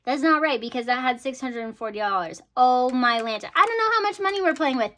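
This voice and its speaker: A woman's voice: sits high, animated, quick pace, sharp tone, slight background noise. A woman vlogger chatting casually to her viewers about her budget, upbeat, with frequent ums and laughs. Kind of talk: casual chat to camera.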